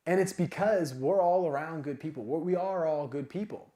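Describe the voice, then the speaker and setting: Man, motivational speaker, casual and excitable, slightly high voice, roomy sound. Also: moderate pace. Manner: energetic, casual, full of "like" and "man". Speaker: speaker at a sales summit. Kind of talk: motivational talk to a live audience. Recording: echoey event room.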